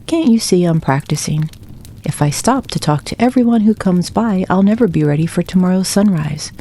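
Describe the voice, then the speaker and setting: A woman's voice: on the low side, lively intonation, mellow. A woman voicing a bossy, impatient male rooster in a storybook, brushing others off. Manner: brusque, quick dismissive talk.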